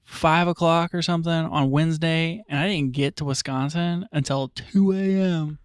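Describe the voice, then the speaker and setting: A man's voice: fairly high pitch, fairly even intonation, normal speed, clear, resonant tone, dry recording, clean studio sound. A man hosting a podcast, chatting in a rambling, self-mocking way with frequent laughs. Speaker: podcast host. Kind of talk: casual chat.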